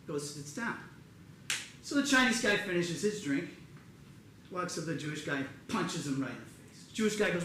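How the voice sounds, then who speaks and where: A middle-aged man performing live stand-up comedy in a theater, telling animated stories and acting out the people in them. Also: high voice, a little fast, recorded from a distance. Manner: animated storytelling, acts out his mother and joke characters. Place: theater stage before a live audience. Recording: roomy theater sound with audience noise.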